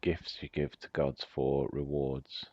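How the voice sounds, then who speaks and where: A man's voice: extremely low pitch, level tone, slow pace, dark tone, husky, no room sound, highs cut off. A man chatting casually and laughing often while he plays a game on a livestream. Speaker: streamer playing the game. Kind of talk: casual gaming livestream chat.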